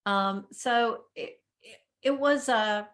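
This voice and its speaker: A middle-aged woman sharing a personal story in casual talk, halting and reflective, often stumbling over words. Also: on the high side, a bit bright.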